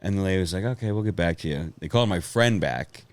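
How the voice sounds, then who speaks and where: A man's voice: sits low, lively intonation, quick pace, no room sound. A man telling rambling, profane stories in a casual podcast chat, laughing as he goes. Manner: rambling storytelling, laughs often, swears. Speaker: comedian guest.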